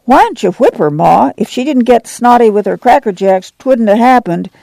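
A man's voice: very high-pitched, animated, moderate pace, vocal fry, darkish tone, dry recording, voice pushed up, exaggerated voice. A man voicing an eager, tattling young boy with a rural drawl, needling and pushy. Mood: egging on.

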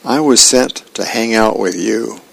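A man's voice: fairly low pitch, a little slow, creaky, breathy edge, exaggerated voice, poor audio. A man voicing a wry, sarcastic teenage boy in a comic strip reading. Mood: deadpan.

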